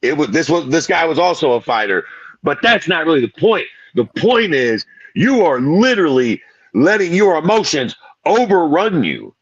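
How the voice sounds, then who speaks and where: A man co-hosting a podcast, ranting in animated, profane, slang-heavy casual chat. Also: fairly high pitch, moderate pace, husky, no room sound, highs cut off. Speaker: podcast co-host.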